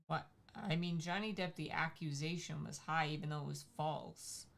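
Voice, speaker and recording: A woman's voice: deep voice, normal speed, vocal fry. Playful woman teasing on a livestream. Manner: teasing, playful, jumps between topics. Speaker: livestream co-host. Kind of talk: casual chat.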